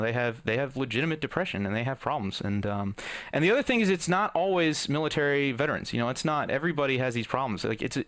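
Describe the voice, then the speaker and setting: A man's voice: medium pitch, a bit bright, dry recording. A young man ranting casually into a desk microphone at home, earnest and profane, full of fillers and restarts. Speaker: YouTuber host. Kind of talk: casual rant to camera.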